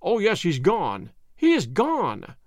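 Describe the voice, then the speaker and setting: A man's voice: high voice, wildly swooping pitch, takes it slowly, a little mellow, no echo, studio quality, heavily acted. A man reading the part of a pale, unsettled young housemaid, lifting his voice and drawing out her words. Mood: distraught. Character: frail, hysterical young housemaid, a woman. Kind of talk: dramatic story reading.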